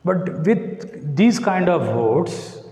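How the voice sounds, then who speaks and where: Slow Indian English teacher in echoey room. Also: male voice, fairly high pitch, very animated, mellow. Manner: slow and deliberate, repeats words to model stress. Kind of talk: classroom lecture. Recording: echoey classroom, voice sometimes off-mic.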